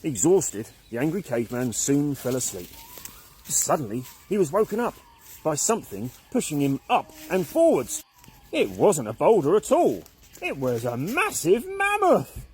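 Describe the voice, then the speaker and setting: A man narrating a children's story in an animated, expressive way. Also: fairly high pitch, slightly rough.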